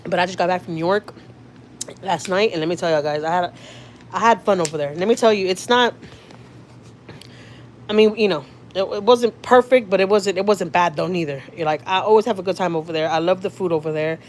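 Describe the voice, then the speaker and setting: A woman's voice: on the low side, fairly even intonation, a little fast, a little hiss or hum. A woman from Houston, Texas with a Houston accent, chatting casually with viewers on a livestream from a car, reading comments and swearing freely. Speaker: vlogger, channel host. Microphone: phone.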